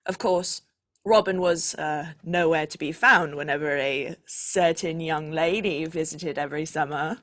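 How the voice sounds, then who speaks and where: A woman's voice: sits low, a little slow, a bit bright. A woman playing a loyal young miller's son, telling his tale in a folksy, chatty way. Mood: storytelling. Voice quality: chatty storyteller, folksy phrasing. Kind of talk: audio drama acting.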